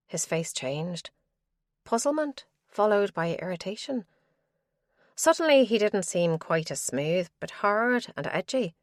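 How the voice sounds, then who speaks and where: Woman narrator with a low, measured delivery and a dry, close sound. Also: animated, dry recording. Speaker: audiobook narrator. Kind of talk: audiobook narration.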